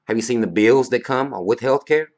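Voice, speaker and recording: A man's voice: medium pitch, moderate pace, a little mellow. A man ranting bluntly to camera in a vlog, heated and profane, firing off rhetorical questions. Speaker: vlogger. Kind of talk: casual rant to camera.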